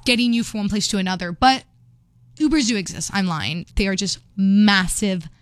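A woman's voice: medium pitch, normal speed, smooth, no echo. A young woman telling a travel story in casual chat, chatty and laughing, acting out quotes. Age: young adult. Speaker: vlogger.

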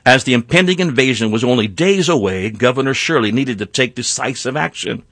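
A man telling a history story in an earnest, measured way, with a few small slips and restarts. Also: mid-range voice, lively intonation, fairly bright tone, dry recording. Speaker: narrator. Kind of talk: scripted history narration.

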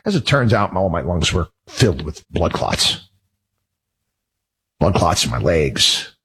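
A man's voice: deep voice, very animated, slow pace, fairly bright tone. A man hosting a talk show, speaking in an indignant, rambling monologue full of restarts and repeated words. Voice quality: husky. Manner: indignant and worked up. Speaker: radio talk show host. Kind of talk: casual monologue.

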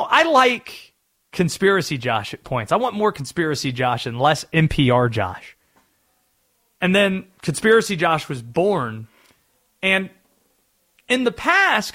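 A man's voice: fairly high pitch, a bit bright. A man from North Carolina hosting a sports talk radio show, talking in a chatty, explaining way.

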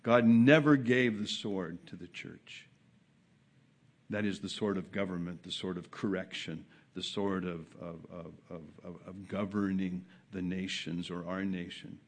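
Male pastor preaching to his congregation; stumbles and repeats, then builds to loud emphatic peaks. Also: fairly even intonation, unhurried. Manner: builds from soft, low asides to loud, high emphatic peaks; frequent hesitations and repeated words. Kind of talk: sermon.

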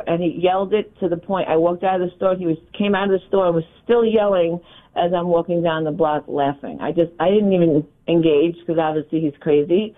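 A woman calling into a radio show, telling her story in an animated way. Her voice comes through a tinny, phone-like line. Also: fairly low pitch, a little fast. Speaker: caller. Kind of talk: call-in recounting a story.

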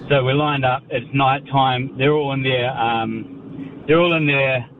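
A New Zealand man phones in to a radio show and spins a casual yarn, stumbling over restarts and laughing as he goes. His voice sits at an ordinary pitch, and it comes through a dull, muffled phone line with clear background noise. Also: steady tone, unhurried. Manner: chatty, laughing, many ums and restarts. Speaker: radio caller. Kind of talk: casual storytelling on a call-in show.

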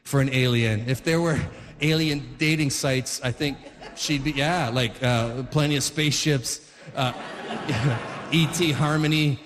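A man's voice: medium pitch, fairly even intonation, unhurried, big-room sound. A man in his forties doing stand-up comedy, rambling and restarting his sentences as he chuckles through stories. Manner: rambling, self-interrupting, chuckling.

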